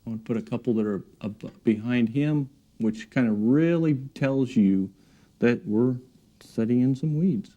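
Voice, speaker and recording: A man giving a relaxed, encouraging painting demonstration in his studio, talking while he works. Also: medium pitch, measured pace, dull audio. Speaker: painting instructor. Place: art studio.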